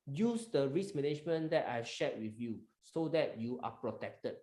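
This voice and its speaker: A man's voice: medium pitch, animated, moderate pace, mellow, roomy sound. A man with a Malaysian accent hosting a live stock market webinar, talking emphatically and coaxing his members, mixing in local slang.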